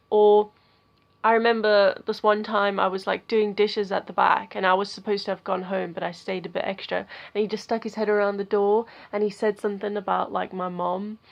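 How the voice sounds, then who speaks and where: A woman's voice: mid-range voice, creaky. Chatty young woman vlogger, muffled audio. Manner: animated, gets loud and giggly when excited; chatty, filler-heavy, with lots of "like" and "okay". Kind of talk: casual storytelling to camera.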